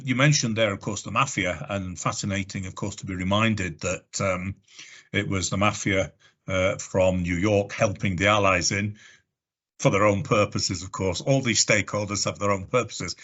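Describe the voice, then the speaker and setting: A man with a low, husky voice hosts a webcast interview. He speaks in a measured way, pausing on fillers. The audio comes through dull and muffled. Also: steady tone, fairly bright tone. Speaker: host, director of executive education.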